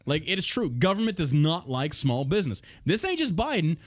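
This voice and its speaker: A man's voice: fairly high pitch, very animated, a little fast, dry recording, studio quality. A man hosting a podcast, reading news aloud and ranting about it with heavy swearing and outrage. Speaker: podcast host. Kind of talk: casual podcast commentary.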